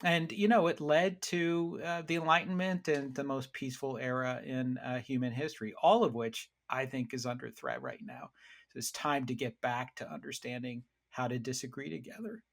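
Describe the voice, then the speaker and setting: A middle-aged man, an author on a podcast, explaining ideas and telling stories in a lively way with frequent restarts. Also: medium pitch, moderate pace, vocal fry. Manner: animated storyteller with frequent restarts. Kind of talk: conversational interview storytelling.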